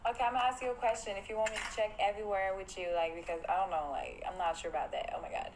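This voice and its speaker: A young woman livestreaming from her home, talking to her viewers in a jumpy, excitable way and pleading with them and her dog. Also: mid-range voice, background noise. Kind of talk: casual livestream chat. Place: home at night.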